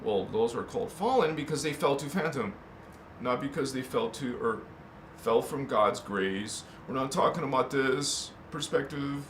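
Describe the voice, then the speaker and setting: A man hosting a spiritual talk, rambling between quiet musing and impassioned shouts. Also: mid-range voice, moderate pace. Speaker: spiritual channel host. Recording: echoey room with faint noise.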